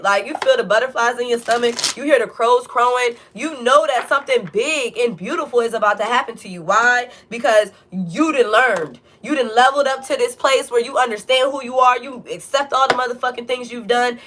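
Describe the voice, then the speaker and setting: A woman's voice: fairly high pitch, pushed and bright, a little hiss or hum. Blunt, profane woman tarot reader. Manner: blunt, profane, preachy pep talk. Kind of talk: tarot reading monologue.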